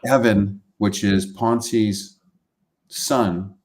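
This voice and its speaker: A man with a low-pitched voice tells warm, emotional stories about his patients on a live video call. He repeats himself as feelings build and slips into the voices of the people he quotes, in the casual tone of a practice coach. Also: fairly even intonation, extremely slow. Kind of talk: casual storytelling on a live webcast.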